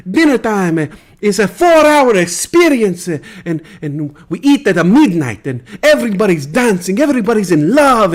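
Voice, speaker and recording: A man's voice: sits high, pitched above the performer's own voice. Giovanni, a man putting on a boastful Milanese man. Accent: put-on Italian. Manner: halting, searching for English words; exaggerated, sing-song comparisons. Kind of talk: comedic character bit.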